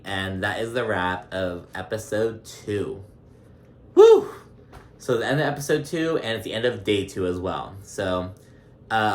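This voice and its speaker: A man casually recapping a reality show episode, chatty and gossipy, laughing often and filling pauses with ums. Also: on the low side, fairly bright tone. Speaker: recap vlogger. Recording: roomy echo.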